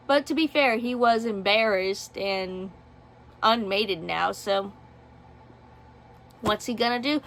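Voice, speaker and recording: A woman's voice: mid-range voice, a little slow, pauses often, fairly bright tone. A woman giving a casual book review, sarcastic and exasperated.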